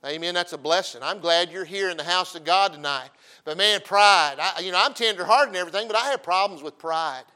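A middle-aged man preaching in a folksy, joking way. His voice is bright and forceful, sitting a little high for a man. He swings from loud, punchy emphasis to quiet, storytelling asides. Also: fast talker. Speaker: pastor.

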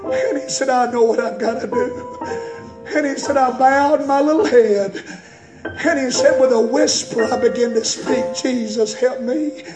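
A man preaching a sermon in a church, impassioned and building to shouts. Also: extremely high pitch, moderate pace. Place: church sanctuary. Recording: echoey church with loud music.

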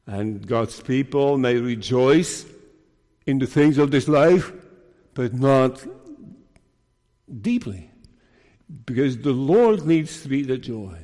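Slow, earnest preaching man in a hall. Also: medium pitch, animated, dark tone. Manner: earnest preaching, slow deliberate delivery with emphatic rises. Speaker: minister. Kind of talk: sermon.

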